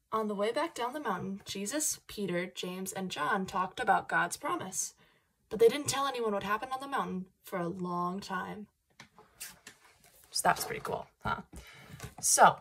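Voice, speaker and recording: A woman reads a Bible story aloud to children with a soft, slightly husky voice. Her delivery is lively and encouraging, and she stops often to ask the kids questions. Her pitch sits in the ordinary middle range.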